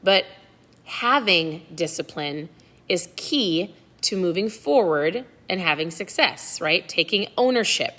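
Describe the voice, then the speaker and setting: A woman's voice: on the low side, animated, takes it slowly, bright, forceful tone. A middle-aged woman hosting a book club in a casual live chat, talking straight to her viewers and often asking "right?". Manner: chatty, frequently asks "right?", addresses viewers directly.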